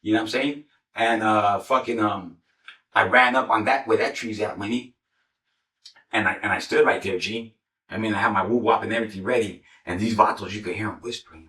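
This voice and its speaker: A man's voice: fairly low pitch, bright, forceful tone, distant mic. A man telling raw, profane street stories, rambling with heavy slang. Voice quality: heavy slang, constant "you know what I'm saying". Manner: rapid, rambling, swears constantly. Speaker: former gang member telling war stories. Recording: echoey room, voice off mic.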